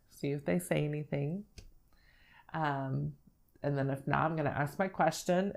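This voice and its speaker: A young woman speech therapist calmly explaining, step by step, how to model words while reading with a child. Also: low-pitched, creaky. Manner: calm, step-by-step explaining with fillers. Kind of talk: instructional demonstration.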